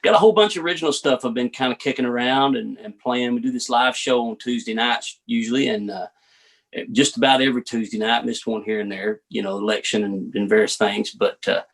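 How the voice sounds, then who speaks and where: This American country singer, a guest in a casual interview, has a gravelly, slightly bright voice at medium pitch and talks a little fast. He speaks in an easygoing Southern drawl and often refers to the host as "man."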